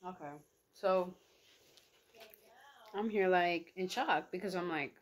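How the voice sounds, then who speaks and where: A young woman with a slightly low voice tells a story casually into her camera between bites. Her talk is chatty and slangy, packed with "like" and acted-out reactions. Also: takes it slowly. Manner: chatty, slangy, animated retelling with lots of "like". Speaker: vlogger. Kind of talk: casual storytime while eating.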